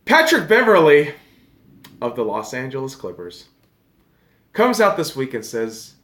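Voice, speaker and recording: A man hosting a podcast, ranting casually and profanely about sports, sarcastic, dropping to a mutter and then flaring into loud outbursts. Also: mid-range voice, big pitch swings, measured pace, pauses often, echoey room. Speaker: podcast host.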